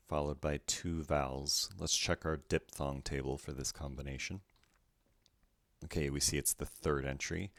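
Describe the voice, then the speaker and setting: A man's voice: extremely low pitch, fairly bright tone, no echo. A man teaching Greek pronunciation, going carefully through each word letter by letter in a methodical way. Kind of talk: slow letter-by-letter pronunciation lesson.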